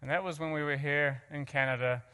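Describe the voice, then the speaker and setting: A man's voice: fairly high pitch, steady tone, fairly quick, sharp tone, clean tone, big-room sound. A man from New Zealand with a New Zealand accent, earnestly telling an audience his personal story with self-mocking asides and frequent restarts. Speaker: guest speaker.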